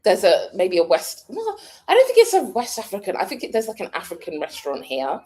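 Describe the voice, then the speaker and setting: Chatty British woman, lively pitch. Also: brisk. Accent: British English. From United Kingdom. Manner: chatty, laughs often, thinks aloud. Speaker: vlogger answering a live chat. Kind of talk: casual chat.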